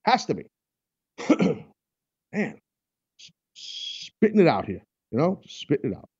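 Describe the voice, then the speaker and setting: A man's voice: a little high, wildly swooping pitch, a little slow, vocal fry, a little mellow, husky, highs cut off. A man hosting a live talk radio show, ranting bluntly and repeating himself as he argues about wrestling. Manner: blunt, heated, repetitive ranting. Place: radio studio.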